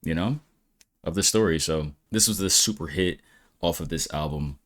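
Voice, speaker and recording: Low-voiced male reaction host: casual, reflective, a little rambling. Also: moderate pace, very noisy. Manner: reflective, musing, with frequent restarts.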